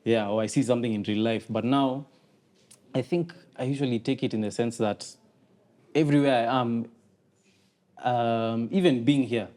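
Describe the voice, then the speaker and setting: A Kenyan man, a comedian and content creator, chatting casually as a podcast guest and breaking into animated quoted voices. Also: medium pitch, moderate pace, long pauses. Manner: animated, acts out quotes in raised voices, mixes in Swahili. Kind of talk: casual conversation.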